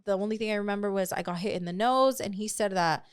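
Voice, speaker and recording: A woman in her twenties co-hosting a podcast, telling a story in a casual, animated way, swearing freely and slipping into Spanish phrases. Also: mid-range voice, quick pace, clean tone, no room sound, clean studio sound. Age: 20s. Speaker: podcast co-host.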